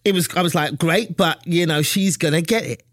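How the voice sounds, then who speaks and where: A woman's voice: lowish voice, brisk, dry recording, clean studio sound. A woman from London with a London English accent, a comedian chatting animatedly as a guest in an interview. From London, England. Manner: animated, emphatic storyteller. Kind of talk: casual interview chat.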